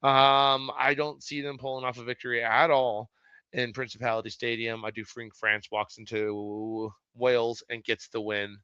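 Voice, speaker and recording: A man hosting a casual sports recap show, talking loosely and swearing freely in animated outbursts. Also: mid-range voice, moderate pace, smooth, no room sound. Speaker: sports podcast host. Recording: dull lo-fi sound, dry.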